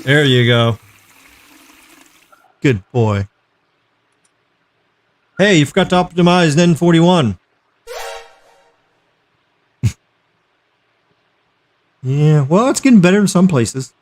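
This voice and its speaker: A man's voice: fairly high pitch, expressive, measured pace, long pauses, darkish tone. A man hosting a tech livestream in casual chat, joking and reading out viewer messages.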